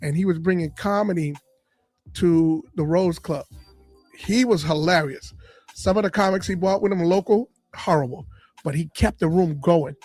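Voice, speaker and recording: A man, a comedian and radio personality, telling stories from his life in an animated interview style and acting out the voices of people in them. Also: a little high, normal speed, no room sound, soft background music. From Boston area. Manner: animated storyteller, acts out quoted voices. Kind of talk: storytelling interview. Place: podcast studio.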